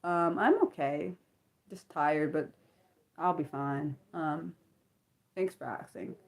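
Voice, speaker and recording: An American woman hosting an unscripted livestream, chatting in a rambling, animated way with many fillers and restarts. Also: sits low, takes it slowly, creaky. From Maryland, United States. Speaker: livestream host. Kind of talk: unscripted livestream chat, answering viewers.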